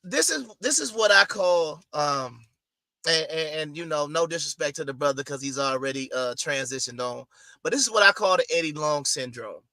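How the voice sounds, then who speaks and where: A man's voice: on the high side, lively intonation, normal speed, bright, forceful tone, dry recording. A man co-hosting a casual podcast, talking loosely in slang and riffing with his co-host.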